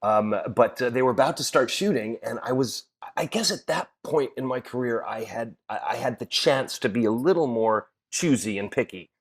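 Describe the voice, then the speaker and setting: A middle-aged actor, appearing as a podcast guest, chats casually in a mid-range, expressive voice at a normal speed with hardly any pauses. He tells stories, laughs often, and uses lots of fillers and restarts.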